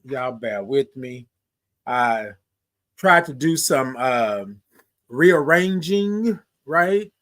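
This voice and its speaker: A man's voice: mid-range voice, lively intonation, drawn-out words, long pauses, fairly bright tone. A middle-aged man, hosting a morning livestream in a chatty, repetitive way and singing his greetings. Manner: chatty, repeats phrases, sings his greetings. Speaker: livestream show host. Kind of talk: casual livestream talk.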